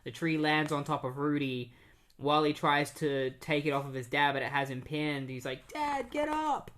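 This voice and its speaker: A man's voice: fairly high pitch, little pitch movement, moderate pace, a bit bright. A man casually recapping comic issues on a podcast, rambling with many fillers and restarts. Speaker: podcast host.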